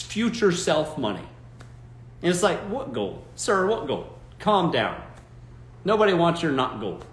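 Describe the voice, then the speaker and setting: A man's voice: sits high, fairly bright tone, roomy sound. A man hosting a live stream, giving dating advice in a blunt, emphatic rant and swearing freely. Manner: blunt, emphatic, swears, mocking quoted voices.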